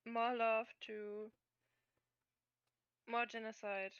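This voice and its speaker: A woman's voice: on the high side, flat delivery, extremely slow, clear, resonant tone, dry recording, lo-fi sound. A woman on a stream, teasing her friend in a dry way.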